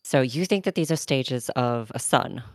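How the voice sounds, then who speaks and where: A woman's voice: rumbling low, normal speed, darkish tone, dry recording, studio quality. A woman playing a tabletop game casually, matter-of-fact about the rules. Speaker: player.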